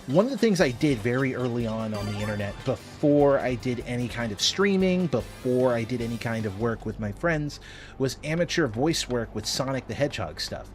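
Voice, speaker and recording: A man giving casual gameplay commentary as a streamer, animated and chatty. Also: medium pitch, normal speed, soft background music. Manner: animated, puts on goofy voices when reading dialogue.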